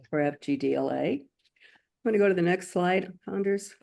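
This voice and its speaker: Gravelly-voiced webinar host reading introductions. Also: medium pitch, normal speed. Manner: reads from a script, warm and formal. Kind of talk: scripted announcements and speaker introductions.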